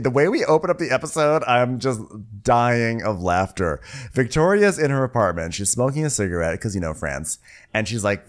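A man hosting a podcast, giving a casual comedic recap of a reality show and giggling, with stammering restarts. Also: medium pitch. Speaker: podcast host.

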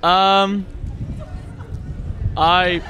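Easygoing young man, high voice. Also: flat delivery, very slow, bright, forceful tone. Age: young adult. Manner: easygoing, laughs along with the jokes. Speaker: medical student. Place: city street outdoors.

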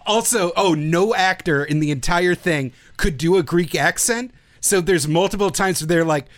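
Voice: medium pitch, normal speed. A podcast co-host chatting casually, wry and mocking in the asides. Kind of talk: casual chat.

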